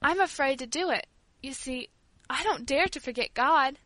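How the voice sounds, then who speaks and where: A woman voicing an earnest, devout little girl who speaks sincerely and pleads gently. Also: sits high, lively intonation, brisk, no room sound, low-quality recording. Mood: hesitant.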